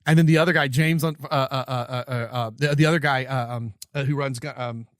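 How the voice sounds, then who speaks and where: A man's voice: mid-range voice, steady tone, fairly quick, no echo, studio quality. A man co-hosting a podcast, telling stories in a rambling way with many fillers, laughing as he goes. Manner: laughs while retelling stories. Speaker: podcast co-host. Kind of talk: casual chat.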